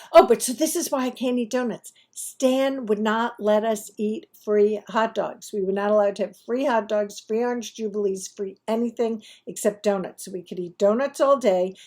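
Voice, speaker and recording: New york lady vlogging from home, warm raspy voice, rambly and jokey about herself. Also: medium pitch. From Brooklyn, New York. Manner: chatty, digressive, self-mocking asides. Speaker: YouTube host. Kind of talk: casual storytelling to camera.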